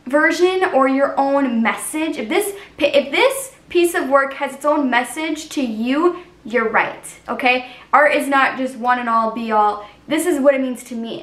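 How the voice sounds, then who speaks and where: A woman's voice: sits high, fairly bright tone. A woman artist hosting her own channel, talking to camera in an earnest, encouraging way. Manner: earnest, encouraging, frequent "like" fillers. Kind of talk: casual vlog talk to camera. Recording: roomy sound, voice from a distance to the mic.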